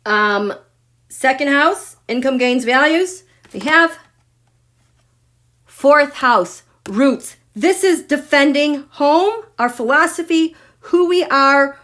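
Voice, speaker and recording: Slow-talking excitable woman reading charts. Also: sits high. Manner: excitable, gushing, swings from loud exclaiming to near whispers. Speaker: astrology and tarot livestream host. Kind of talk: live astrology chart reading.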